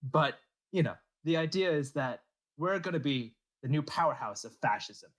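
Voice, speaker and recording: At a normal speed and a slightly high pitch, a male podcast host recounts history in a casual way. He livens the story with jokes, comic impressions of characters, and frequent laughs.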